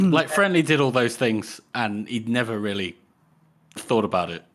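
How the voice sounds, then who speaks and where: A man co-hosting a book podcast, chatting casually in an animated way and laughing often. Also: medium pitch, normal speed. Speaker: podcast co-host. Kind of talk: casual chat.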